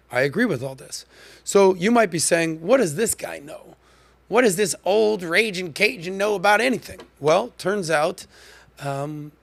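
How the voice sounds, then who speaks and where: A man hosting a podcast, giving punchy, animated commentary and leaning hard on key words. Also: sits high, vocal fry, no echo. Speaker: podcast host.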